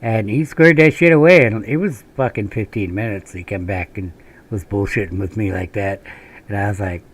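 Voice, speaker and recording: A man's voice: on the low side, moderate pace. A man from Minnesota who hosts a gaming channel, telling a long, rambling, profane story while he plays. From Minnesota, USA. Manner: profane, rambling, laughs often.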